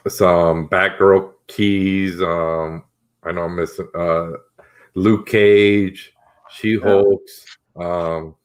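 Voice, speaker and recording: A young man co-hosting a live stream, relaxed and rambling, who reads out viewers' comments. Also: low-pitched. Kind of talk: casual chat.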